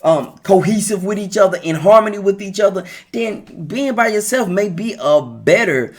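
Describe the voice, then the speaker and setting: Middle-aged guy, highish voice, preaching relationship advice to his viewers, says everything twice for emphasis. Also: expressive, normal speed. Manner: preachy, emphatic, repeats key lines, talks to viewers directly. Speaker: live video host giving relationship advice. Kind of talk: casual motivational talk.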